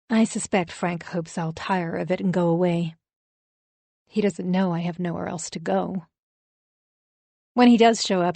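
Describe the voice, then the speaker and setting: A woman narrating a first-person thriller audiobook in an even, wry storytelling manner. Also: on the low side, no room sound.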